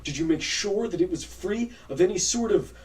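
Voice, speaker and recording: A man's voice: high-pitched, expressive, brisk, a little mellow, pitched above the performer's own voice. A cold, pompous guard captain, as a man puts him on while running a tabletop game. He issues stern, clipped commands in a self-satisfied tone, and the voice is heard from a distance.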